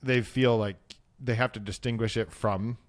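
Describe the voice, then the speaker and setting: A man's voice: medium pitch, steady tone, moderate pace, no echo. A man co-hosting a tech podcast, thinking aloud in casual chat with frequent restarts. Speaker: podcast co-host.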